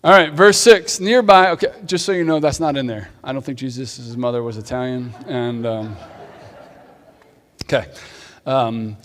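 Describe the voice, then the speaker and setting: A pastor preaches in a church sanctuary, his medium-pitched voice moving at a normal speed with a long hall reverb. He talks conversationally, tossing playful asides to the congregation.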